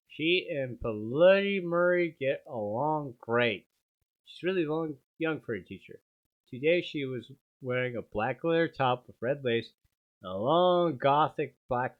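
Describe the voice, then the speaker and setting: A man doing a comedic dramatic reading, with sardonic asides and laughter at the text. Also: mid-range voice. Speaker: streamer reading aloud. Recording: dull lo-fi stream audio.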